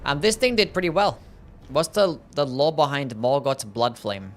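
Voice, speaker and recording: A young man with a slightly high voice speaks at a normal pace while streaming a game, a little hiss or hum audible. He's laid-back, giving casual commentary, answering questions from chat and swearing now and then.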